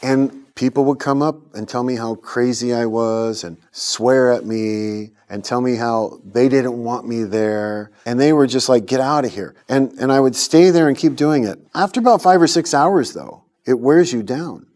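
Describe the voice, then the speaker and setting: A middle-aged man from the United States, an interview guest telling his life story in an earnest, animated way, acting out the voices of people he quotes. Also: mid-range voice, normal speed, few pauses.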